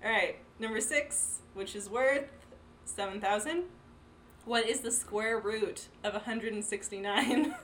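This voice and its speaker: A woman's voice: fairly high pitch, fairly bright tone, slight background noise. A woman hosting a playful quiz game for a friend, reading questions and answer options in a teasing way. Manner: teasing, reads options slowly. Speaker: quizmaster.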